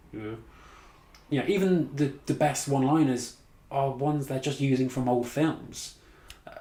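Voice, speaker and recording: A blunt, sweary man rants through a movie review, exasperated and scoffing. His voice sits at an ordinary pitch and rings in a roomy, echoey space. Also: darkish tone. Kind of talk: casual ranting movie review. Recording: echoey room.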